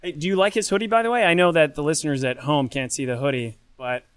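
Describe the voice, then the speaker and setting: A man's voice: fairly high pitch, fast, over a noisy crowd. A man who is a game publisher, chatting upbeat and casual as a guest on a live podcast panel. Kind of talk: casual chat.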